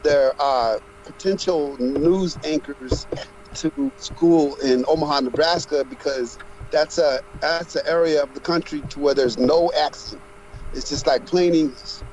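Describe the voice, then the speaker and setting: A man tells rambling personal stories in casual livestream chat, his voice a little high. The sound is dull and lo-fi, with faint noise underneath. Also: measured pace, a little mellow. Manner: anecdotal, rambling storyteller. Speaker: livestream co-host.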